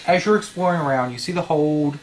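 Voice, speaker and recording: A man narrating as dungeon master, hesitant and full of pauses and fillers. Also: fairly high pitch, a crowd in the background. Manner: halting, many fillers. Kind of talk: narrating a tabletop game.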